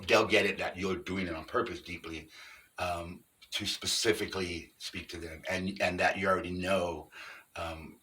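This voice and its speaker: A middle-aged man with a very low voice talks off the cuff to his viewers, earnest and halting as he explains each point step by step. He sits some way back from the microphone, so his voice sounds distant. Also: bright, forceful tone. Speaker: vlogger on Sasquatch encounters. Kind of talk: casual unscripted monologue.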